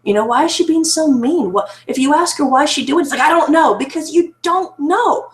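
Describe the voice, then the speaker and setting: High-voiced woman telling a painful story. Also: animated, a little fast, echoey room. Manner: emotional, searching, repeats herself. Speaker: guest sharing her story. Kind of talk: personal testimony on a live stream.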